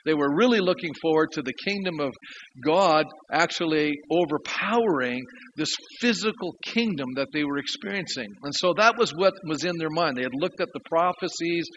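Man preaching, pastor, earnest storyteller, fairly high voice, slightly dull sound. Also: moderate pace, fairly bright tone, slight background noise. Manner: earnest storytelling with emphatic rises. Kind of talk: sermon.

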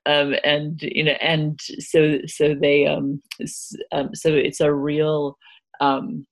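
Halting woman with a gravelly voice. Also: low-pitched, completely flat delivery. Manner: hesitant, heavy filler words. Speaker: author guest. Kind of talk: conversational interview.

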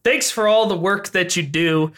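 A young man co-hosting a podcast with his mother, chatting casually with jokey asides. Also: high-pitched. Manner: jokey, animated, quick asides. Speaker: podcast co-host.

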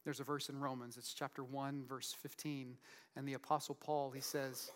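A man preaching a sermon in an earnest, conversational way, asking the congregation frequent rhetorical questions and dropping to a soft voice for emphasis. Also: mid-range voice, normal speed. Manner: drops to a soft, quiet voice for emphasis. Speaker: pastor.

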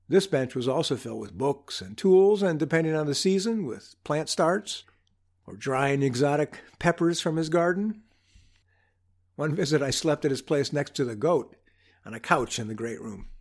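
A man hosting his own show, telling a reflective personal story in an unhurried, wry way with humorous asides. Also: a little high, a little mellow. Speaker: podcast host.

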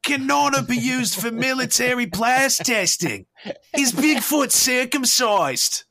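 A man putting on a deliberately bad Australian accent, playing a brash, blustery Australian man asking absurd questions. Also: very high-pitched, animated, pushed and bright, dry recording, clean studio sound, pitched above the performer's own voice, full character voice. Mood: mocking. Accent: exaggerated mock Australian.

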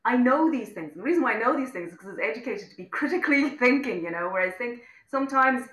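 Impassioned Irish woman, bright echoey voice. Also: on the high side, expressive, fast. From Ireland. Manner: impassioned and outspoken, many restarts. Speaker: interview guest, actor-director. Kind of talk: casual interview chat.

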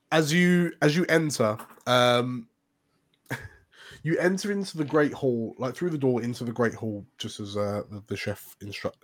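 A man narrating a tabletop game as game master, hesitant, with many fillers and restarts. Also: mid-range voice.

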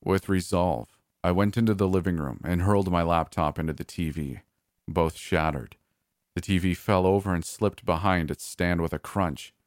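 A man reading a first-person horror story aloud in a measured, calm way. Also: deep voice, no echo, studio quality. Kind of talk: scripted horror narration.

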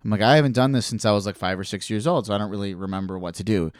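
A man's voice: lowish voice, rapid-fire, no echo, clean studio sound. A man telling a personal story in a casual podcast chat, swearing freely and acting out the people he quotes. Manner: animated, swearing, acts out quoted voices.

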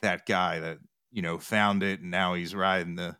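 With a low, smooth voice that's pushed and bright, this TikTok music reactor talks at a moderate pace with fairly even intonation. As a podcast guest in a casual interview, he rambles, restarts and retells quotes, recorded at studio quality without echo.

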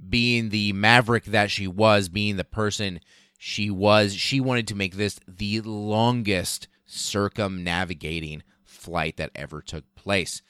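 A man hosting a podcast, telling history casually, swearing for emphasis and speeding up and slowing down. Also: on the low side, sharp tone, clear, resonant tone, dry recording, clean studio sound. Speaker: podcast host.

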